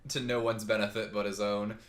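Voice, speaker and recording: A man's voice: fairly low pitch, level tone, brisk. A man hosting a casual let's play, commenting in a joking, profane, rambling way.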